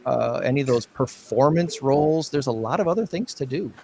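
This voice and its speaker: A man's voice: medium pitch, animated, a little fast, vocal fry, a crowd in the background. A man hosting a podcast interview, asking long rambling questions that stumble and repeat. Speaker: podcast host.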